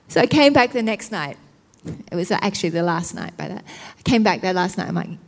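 A woman preacher telling a personal testimony as a sermon, animated and self-mocking, often laughing as she tells it. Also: on the low side, brisk, few pauses. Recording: reverberant hall.

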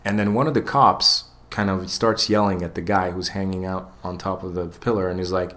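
This podcast co-host talks fairly quickly in a voice that sits low. Telling a story on a casual show, he swears a lot and animatedly acts out quotes.

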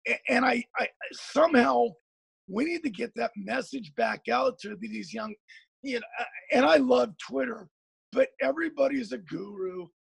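A middle-aged man from Oregon, a high school football coach, telling stories as a guest in a rambling, earnest way with many repeated words. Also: lively intonation, moderate pace, gravelly, breathy edge, no echo. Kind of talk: guest storytelling on a podcast.

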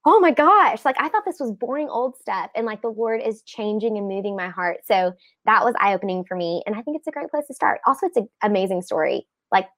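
A woman's voice: medium pitch, animated, brisk, few pauses, fairly bright tone, no room sound. A young woman, a podcast guest chatting in a bubbly way, full of "like" fillers. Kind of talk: casual podcast chat.

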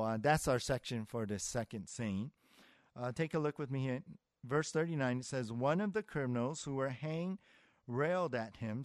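A man's voice: mid-range voice, a little mellow, no room sound, clean studio sound. A man preaching a sermon as pastor, in a conversational way that acts out the voices he quotes. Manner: conversational, with filler words and restarts, acting out quoted voices.

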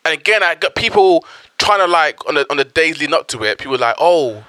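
Young guy ranting casually, bright forceful voice, dry close sound. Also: on the high side, fast talker, clean tone, no room sound. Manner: blunt, swears a lot, animated storytelling. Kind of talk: casual chat.

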